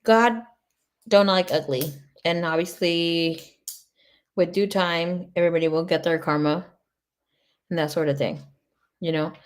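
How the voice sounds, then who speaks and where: Lady tarot reader on a livestream, kinda low voice, blunt and swears a lot, chatty. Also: steady tone, unhurried, long pauses, clear, resonant tone. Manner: blunt, profane, chatty storytelling. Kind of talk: casual livestream tarot reading.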